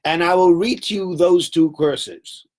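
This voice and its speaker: Guy teaching torah to a class, kinda high voice, acts out the quotes, lively storyteller. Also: measured pace. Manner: animated storytelling, acting out quotes.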